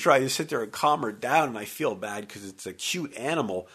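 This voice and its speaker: A man hosting a sports talk radio show, talking in an energetic, joking, conversational way into a studio microphone. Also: medium pitch, brisk, slightly rough.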